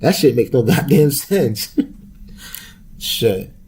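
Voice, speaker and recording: A man's voice: mid-range voice, lively intonation, slow pace, darkish tone, slightly rough. A young man hosting a podcast, ranting casually with loose street slang, profanity and laughter. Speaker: podcast host.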